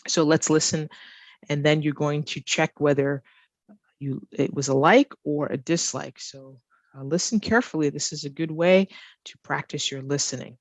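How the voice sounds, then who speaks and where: A woman ESL teacher explaining grammar and pronunciation, slowly repeating key phrases for learners. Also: sits low, fairly even intonation, no room sound. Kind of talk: slow, careful teaching explanation.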